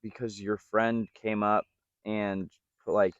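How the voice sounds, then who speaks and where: Low-voiced young man, slightly muffled. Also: little pitch movement, takes it slowly, clean tone, no room sound. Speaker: podcast co-host. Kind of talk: casual storytelling. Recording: slightly dull, lo-fi mic.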